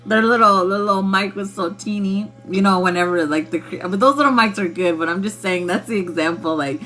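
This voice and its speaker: A woman's voice: mid-range voice, a little fast, a bit bright, faint music behind. A woman hosting a casual spiritual livestream who laughs often and swears freely in a loose, playful way. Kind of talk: casual chat with viewers.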